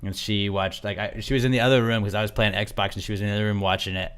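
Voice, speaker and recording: A man's voice: fairly low pitch, level tone, rapid-fire, fairly bright tone, clean tone. A young man co-hosting a podcast, talking loosely and profanely with lots of fillers. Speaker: podcast co-host. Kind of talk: casual chat.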